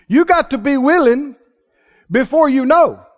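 A man preaching a sermon, telling stories in an animated way and chuckling often. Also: very high voice, takes it slowly. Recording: reverberant hall, muffled sound.

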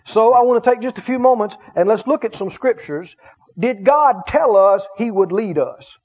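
A man's voice: high voice, expressive, normal speed, husky. A man preaching a sermon as a pastor, with emphatic delivery that stretches out key words and calls the congregation to respond. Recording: dull lo-fi sermon recording.

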